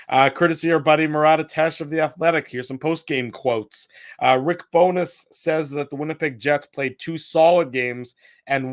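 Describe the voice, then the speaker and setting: A man's voice: on the high side, no echo, clean studio sound. A middle-aged man hosting a hockey post-game talk show, chatting casually and reading out quotes with asides. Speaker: podcast host.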